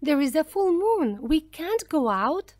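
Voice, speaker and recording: Woman doing a scared teenage girl, high and pleading. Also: very animated, unhurried, a little mellow. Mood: worried.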